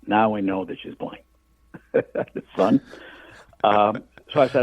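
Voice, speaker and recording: A man's voice: lowish voice, slow pace, no room sound. An older man from Cuba, an author guest, telling a vivid story in a radio interview. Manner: vivid storyteller, acts out voices in his quotes. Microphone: phone. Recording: tinny phone line.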